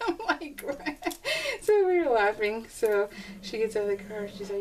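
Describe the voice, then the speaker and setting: A woman's voice: medium pitch, very animated, slow. Woman, 40s, crafting vlogger: bubbly, chatty, laughs a lot, slightly distant mic. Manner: chatty and gushing, laughs often. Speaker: scrapbooking vlogger. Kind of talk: casual chat to viewers while crafting. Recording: slightly distant mic, faint background noise.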